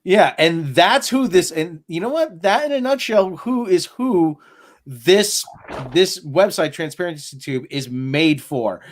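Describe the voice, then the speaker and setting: A man talking casually on a live stream, animated and given to mocking asides. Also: fairly high pitch. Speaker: livestream co-host.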